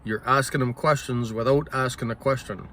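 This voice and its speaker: Halting man clearing his throat. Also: medium pitch, fairly even intonation, a bit bright, a little hiss or hum. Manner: halting, thinks aloud with restarts and self-corrections. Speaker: solo talker. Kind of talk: casual spoken musing.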